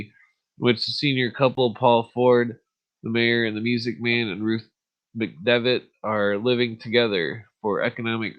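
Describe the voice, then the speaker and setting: Ranting with blunt profanity and many fillers, a male podcast host later turns to reading an article aloud. His voice is medium-pitched, and the sound is lo-fi.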